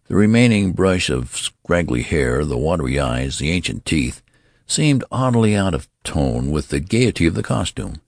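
A male narrator reading a story in a very deep voice with a gravelly, husky grain. His delivery is expressive and animated. The recording is dry and close to the mic. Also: moderate pace, no room sound. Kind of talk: audiobook narration.

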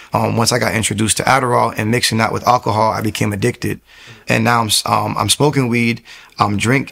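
A young man with a low, gravelly voice tells his own story of faith. He speaks earnestly and candidly, often breaking off and restarting his sentences. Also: a bit bright. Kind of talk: personal testimony.

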